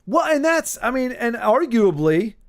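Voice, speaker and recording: A man in his forties chatting casually on a stream, rambling, with lively, animated delivery and frequent restarts. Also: extremely high pitch, a little slow. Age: 40s.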